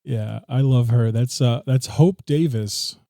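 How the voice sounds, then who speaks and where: Dark-voiced man co-hosting a film podcast. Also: mid-range voice, measured pace, creaky, no room sound, studio quality. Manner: loose, profane, laughs often. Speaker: podcast co-host. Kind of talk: casual film review chat.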